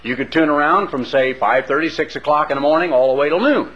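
A man's voice: fairly high pitch, quick pace. A man preaching a sermon, mixing scripture with folksy asides and pointed questions to the congregation. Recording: dull lo-fi recording.

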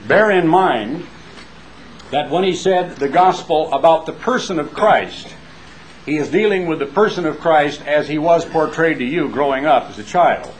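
A man's voice: a little high, a little hiss or hum, rough recording. American evangelist man, conversational preaching. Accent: American, with a twang. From United States. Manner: conversational preaching, slowing to stress key phrases. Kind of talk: broadcast sermon.

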